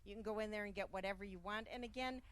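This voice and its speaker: A woman's voice: mid-range voice, racing. A woman hosts a live cooking segment in an everyday middle-range voice. She talks in a chatty, promotional way, full of ums and uhs as she wraps up. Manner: chatty, filler-heavy, upbeat promotional. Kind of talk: live cooking show hosting.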